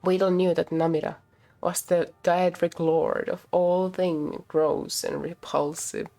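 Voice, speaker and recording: A woman's voice: on the low side, unhurried, gravelly, warm tone, soft background music. A woman streamer reading a story aloud, often slipping over words, restarting and laughing at herself. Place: home streaming setup.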